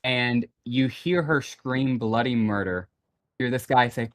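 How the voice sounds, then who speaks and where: A man's voice: mid-range voice, a little slow. A young man telling a story in a casual group voice chat, rambling and full of "like" and "you know". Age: young adult. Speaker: guest on a gaming stream. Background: faint background music.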